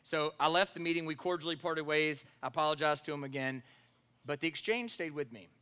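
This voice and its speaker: Man, pastor, sermon, bright voice, animated storyteller. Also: on the high side. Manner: animated storyteller, acts out dialogue.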